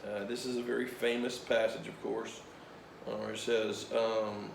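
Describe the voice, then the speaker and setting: A man leading a Bible study, reading scripture aloud with commentary in a measured, drowsy voice broken by "uh" fillers. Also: on the low side, flat delivery, gravelly, reverberant, noisy background. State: drowsy, yawning.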